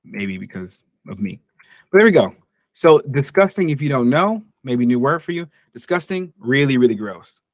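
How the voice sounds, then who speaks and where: With a medium-pitched, sing-song voice at a moderate pace, this American teacher keeps his online English lesson casual and jokey, acting out short sample exchanges along the way. The studio-quality audio has no echo.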